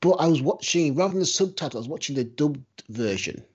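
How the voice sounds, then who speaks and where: A man in casual podcast chat, talking hesitantly with many pauses and fillers. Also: fairly high pitch, animated, darkish tone, breathy edge. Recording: dull lo-fi audio.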